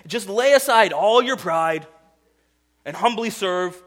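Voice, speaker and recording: A man preaching a sermon in a lively storytelling manner, acting out the people in his stories. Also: sits high, slow pace. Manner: animated storytelling, acts out voices in quoted dialogue. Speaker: pastor.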